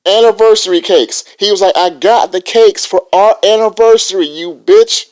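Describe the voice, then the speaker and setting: A man's voice: sits high, normal speed, a little mellow. Profane man retelling a story animatedly. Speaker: podcast co-host. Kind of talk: casual podcast banter.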